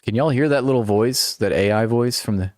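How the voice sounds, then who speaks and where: A man's voice: mid-range voice, brisk, darkish tone, no echo, clean studio sound. A man streaming live, reacting to videos with sarcastic, mock-offended jokes. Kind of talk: casual live-stream commentary. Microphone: headphones with a headset.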